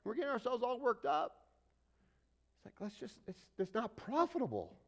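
A male pastor preaching a sermon, conversational and dramatic, swinging from loud urging down to near-whispers and often asking the congregation questions. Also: very high-pitched, wildly swooping pitch, moderate pace.

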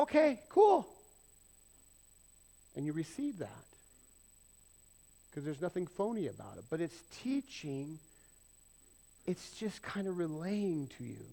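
A middle-aged male pastor preaching a relaxed, talky sermon in a church. His voice sits a little high for a man, and he fills it with self-deprecating asides and acted-out quotes. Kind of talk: conversational sermon. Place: church sanctuary.

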